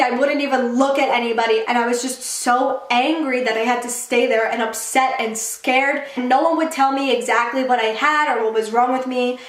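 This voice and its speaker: A young woman telling a storytime vlog in a chatty, animated way, acting out quotes and saying "like" a lot. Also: on the high side. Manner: chatty, quick, animated retelling with acted-out quotes and many "like" fillers. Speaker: YouTuber. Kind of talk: storytime vlog, casual chat. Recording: roomy echoey room.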